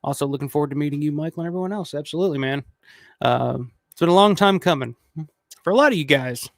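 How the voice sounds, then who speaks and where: A man in his thirties hosts a casual livestream, reading viewer comments and rambling with heavy swearing and many restarts. His voice is on the high side, fast and creaky, in a studio-quality recording with no echo.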